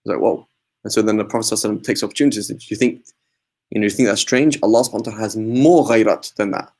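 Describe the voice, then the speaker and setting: A man's voice: fairly low pitch, racing, a little mellow. Man teaching an informal mosque class. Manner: conversational, often adds "right?"; mixes in Arabic religious terms. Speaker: religious teacher. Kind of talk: informal religious class with questions.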